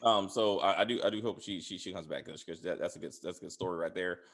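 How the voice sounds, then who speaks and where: A man's voice: fast talker, crowd noise. A man casually chatting as a podcast host, rambling with many fillers and restarts. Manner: laughs loudly and high. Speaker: podcast host reviewing a TV series. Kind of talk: casual chat.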